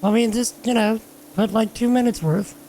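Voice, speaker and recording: A woman's voice: on the high side, fairly even intonation, normal speed, mellow, slight background noise, poor audio. A woman live-streaming a game, chatting casually and playfully with her chat and a friend.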